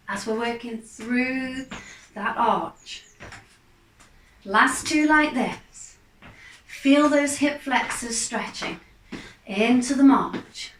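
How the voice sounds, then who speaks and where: Lady leading a slow chair workout, high-ish voice, calm cues, echoey room, mic kinda far. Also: a little hiss or hum. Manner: calm, encouraging, unhurried cues. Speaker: fitness instructor. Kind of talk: guided exercise class instruction.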